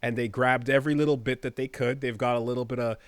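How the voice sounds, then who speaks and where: A man's voice: mid-range voice, fairly even intonation, fast, clear, resonant tone, dry recording. Rambling man co-hosting a podcast. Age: 30s. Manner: rambling, trailing off with many fillers. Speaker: podcast co-host. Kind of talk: casual chat and host-read ad.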